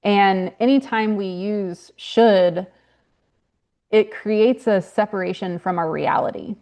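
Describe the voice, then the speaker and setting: A woman's voice: mid-range voice, slow, a little mellow. A young woman, a grief consultant and author, talking earnestly in a podcast interview with frequent fillers and restarts. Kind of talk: podcast interview, casual conversation.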